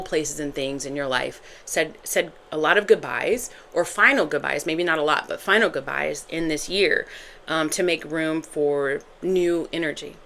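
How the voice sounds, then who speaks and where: A woman's voice: fairly low pitch, a bit bright, slight background noise. A woman giving a casual, chatty tarot reading to her viewers, rambling with self-corrections and bursts of laughter. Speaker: tarot reader.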